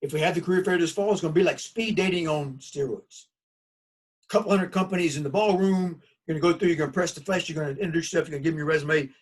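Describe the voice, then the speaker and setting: A Southern American man lectures fast in a slightly high, breathy voice, caught on a distant mic. He's a college instructor, and his recorded class feels folksy and chatty, told like a lively story.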